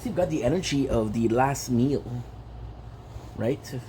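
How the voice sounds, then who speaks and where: Slow, mellow-voiced playful male streamer. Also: medium pitch, expressive, slight background noise. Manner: playful, rambling, drops French phrases. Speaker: gaming streamer. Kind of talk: casual livestream chat.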